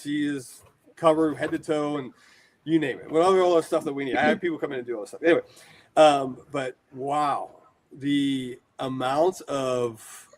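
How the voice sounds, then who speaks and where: A man's voice: fairly high pitch, slight background noise. An American man in his forties, a horror collector being interviewed, telling long rambling stories with lots of fillers. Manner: animated, rambling storyteller with many fillers. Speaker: guest, horror collector and shop owner. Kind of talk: casual storytelling interview.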